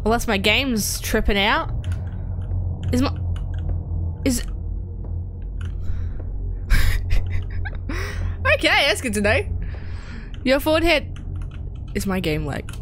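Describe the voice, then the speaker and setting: A woman's voice: fairly high pitch, very animated, takes it slowly, long pauses, fairly bright tone, a little hiss or hum. A young woman streamer giving jumpy, swear-heavy horror game commentary and talking to her chat. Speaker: gaming streamer.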